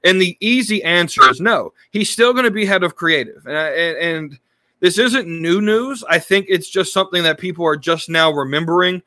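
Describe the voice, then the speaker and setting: Podcast guy, bright kinda high voice, rambly with lots of ums, dry sound. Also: expressive, normal speed, no echo. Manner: rambling, many restarts and fillers. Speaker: podcast host. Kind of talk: casual wrestling podcast talk.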